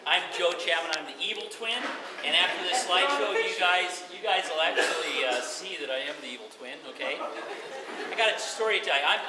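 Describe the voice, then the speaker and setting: Joking man in his 60s, echoey hall. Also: a little high. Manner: joking storyteller, laughs through his lines. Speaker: brother of the retiree giving a speech. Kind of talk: joking slideshow speech at a retirement party. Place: party venue hall, indoors. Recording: echoey hall from far off, noisy.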